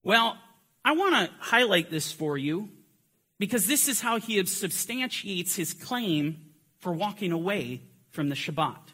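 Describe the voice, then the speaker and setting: A man's voice: sits high, very animated, measured pace. A man teaching a Bible lesson in an emphatic way, pressing his points harder as he goes. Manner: emphatic, building to forceful climaxes. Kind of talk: teaching lecture.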